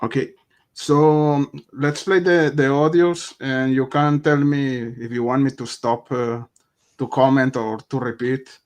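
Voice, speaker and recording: Male host, mid-pitched voice, halting delivery with frequent hesitations. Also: fairly even intonation. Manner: hesitant, many fillers. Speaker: interview host. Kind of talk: casual interview talk.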